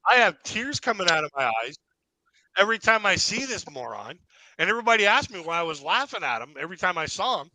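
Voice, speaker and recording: A man's voice: sits high, sing-song, quick pace, pushed and bright, dry recording, rough recording. A man hosting a live online comedy panel, telling a long rambling anecdote and laughing at his own story. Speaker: stand-up comedian host.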